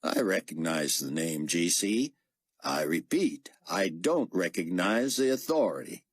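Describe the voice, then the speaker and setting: A man voicing a laconic American pilot with dry, deadpan wisecracks. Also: sits low, a little slow, slightly rough, no room sound, exaggerated voice. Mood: wry.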